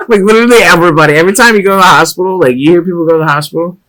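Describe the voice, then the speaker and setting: A young man co-hosting a podcast in casual chat, laid-back and quick to laugh. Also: sits high, noisy background. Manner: laid-back, laughs easily, drawls "dude". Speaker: podcast co-host.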